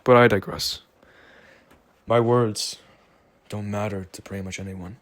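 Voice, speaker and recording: Slow, rambling man with a low voice. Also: fairly even intonation, fairly bright tone. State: tired. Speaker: vlogger. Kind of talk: reflective solo monologue.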